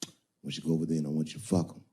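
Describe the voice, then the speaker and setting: A man voicing a cold, commanding male pimp who gives low, clipped orders and swears. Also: little pitch movement, very fast, mellow.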